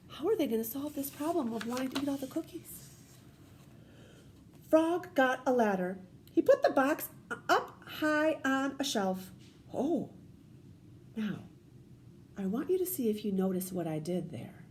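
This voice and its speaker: A woman teacher in her thirties, leading a children's read-aloud lesson in an animated, questioning and encouraging way. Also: high voice, measured pace, long pauses, slight background noise.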